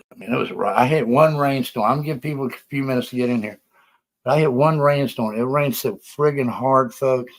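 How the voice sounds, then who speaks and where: A low-voiced man hosts a casual live stream, talking in a rambling, profane, defensive way. He sounds out of breath. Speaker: livestream host.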